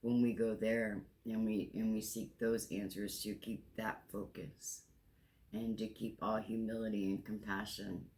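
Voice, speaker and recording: Unhurried and level, a slightly mellow voice on the low side belongs to a tarot reader in his 60s giving a spiritual card reading. He's earnest and encouraging yet emotional, tearful at moments, and tends to repeat phrases and start them over.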